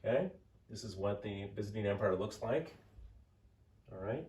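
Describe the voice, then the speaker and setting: A male history teacher telling a lecture as a story, animated and chatty, with many fillers and restarts. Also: lowish voice, moderate pace, recorded from a distance.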